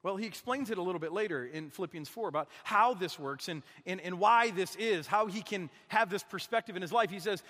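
A man with a high voice delivers a sermon, earnest and conversational, often turning to his listeners with questions. His words ring out with the long reverb of a large church hall. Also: fairly quick, hardly any pauses, bright, forceful tone. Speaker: guest preacher.

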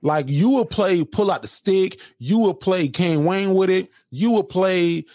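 A man's voice: sits high, unhurried, a little mellow, no echo, studio quality. A man co-hosting a comedy podcast, chatting loosely and retelling stories with quoted lines. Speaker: podcast co-host. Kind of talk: casual comedic chat.

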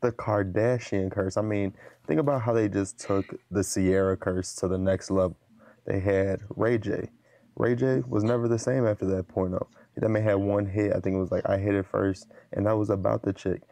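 A man's voice: on the low side, fairly even intonation, moderate pace, mellow, no room sound. A man on a comedy panel giving sarcastic, rambling takes. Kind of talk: casual comedic debate.

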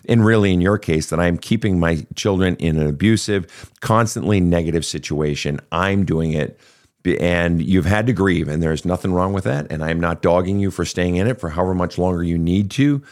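A man's voice: deep voice, darkish tone. A man hosting a call-in counseling podcast, talking frankly and earnestly to a guest, swearing now and then. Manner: frank, earnest, profane at times.

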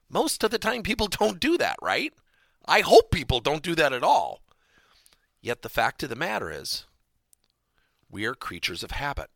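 A man hosting a podcast lesson on workplace coaching, animated and repeating his key points for emphasis. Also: on the high side, normal speed, pauses often, no echo, clean studio sound.

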